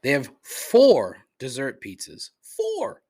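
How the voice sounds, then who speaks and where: Medium in pitch, animated and slightly rough, this podcast host speaks at a measured pace. Alone on his comedic complaint show, he reads from a menu while ranting profanely in exasperation.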